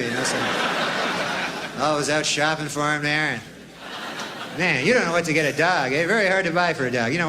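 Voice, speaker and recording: A man doing a stand-up routine in a drawling, deadpan way, with rambling asides. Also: fairly high pitch. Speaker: stand-up comedian. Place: comedy stage before a live audience. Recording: live club recording with audience laughter and noise.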